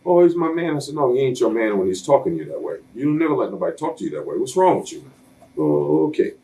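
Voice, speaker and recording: A man's voice: medium pitch, animated, fast, vocal fry, dark tone. A man in a sit-down interview, telling blunt, streetwise stories and acting out other people's lines as he goes. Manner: blunt, streetwise storyteller who acts out quoted voices. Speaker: interview guest. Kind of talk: shoot interview storytelling.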